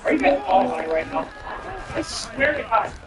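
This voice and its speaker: Crowd noise and background music fill an echoey room where a comedian, far from his mic, streams a game and riffs with viewers in profane, rambling disbelief. He speaks at normal speed in a very high voice with big swings in pitch.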